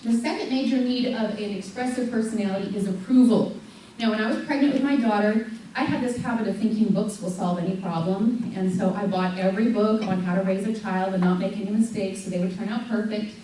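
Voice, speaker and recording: A middle-aged woman giving a lively talk to a parents' group, acting out stories with big jumps in her voice and frequent laughs. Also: fairly quick. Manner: animated storyteller, acts out voices of her daughter with big pitch jumps and laughs. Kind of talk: live talk to an audience. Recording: echoey hall from far off, faint hum.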